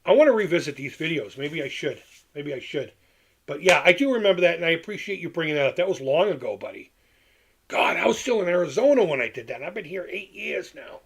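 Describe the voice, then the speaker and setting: A man's voice: on the high side, sing-song, quick pace, slightly rough. A middle-aged man hosting a casual livestream, reading chat and rambling candidly, often repeating himself and restarting his sentences.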